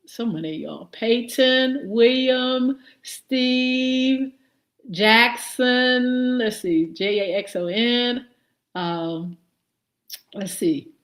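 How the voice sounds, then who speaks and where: A woman's voice: fairly high pitch, extremely slow. A woman hosting a live morning show, greeting viewers by name and giving show updates with many fillers. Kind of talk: live-stream greetings and announcements. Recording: echoey room.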